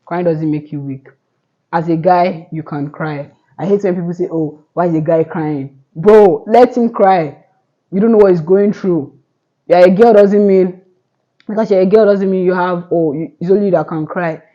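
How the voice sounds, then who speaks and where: A woman's voice: lowish voice, fairly even intonation, normal speed, muffled recording. A young woman in her twenties giving earnest motivational advice to camera, rambling with restarts. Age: 20s. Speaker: vlogger. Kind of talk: casual motivational talk to camera.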